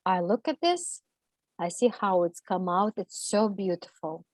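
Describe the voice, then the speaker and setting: A woman, a guest on an interview show, telling a personal story in halting, emotional, non-native English, full of fillers and restarts. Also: mid-range voice, expressive, darkish tone, no echo, rough recording.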